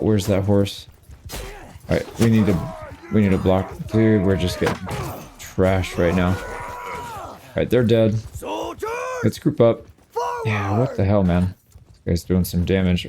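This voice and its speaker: A man's voice: low-pitched, background noise. A man giving casual, chatty commentary while playing a strategy game, reacting to the action as it happens. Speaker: gaming channel host.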